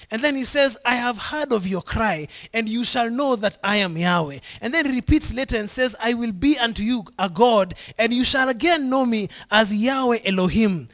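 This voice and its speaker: High-pitched preacher reading bible verses, keeps asking the congregation questions. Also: male voice, a bit bright. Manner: reads scripture aloud and prompts the congregation with questions. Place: church congregation.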